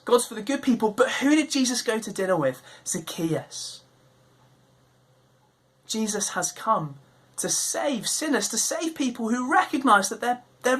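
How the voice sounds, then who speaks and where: Woman leading a church kids' talk, British accent, husky, higher voice, animated storytelling. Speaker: church children's talk leader. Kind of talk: online children's Bible talk.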